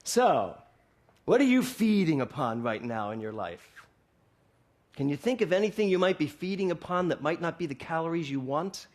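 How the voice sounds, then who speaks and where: Higher-voiced man giving a playful sermon. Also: very animated, moderate pace, darkish tone. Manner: playful storytelling, acting out dialogue. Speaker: minister. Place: hall, before a congregation.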